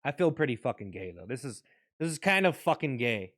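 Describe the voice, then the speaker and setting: A man's voice: mid-range voice, sing-song, fairly quick, a bit bright, no echo, clean studio sound. A young adult man vlogging in a rambling, profane casual rant, often restarting his sentences.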